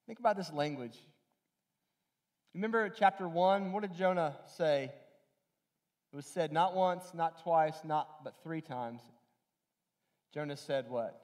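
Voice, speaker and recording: High-voiced man preaching earnestly. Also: animated, normal speed, a little mellow. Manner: earnest, with many restarts and repeated phrases for emphasis; acts out quoted lines in a raised, pleading voice. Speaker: pastor. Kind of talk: sermon.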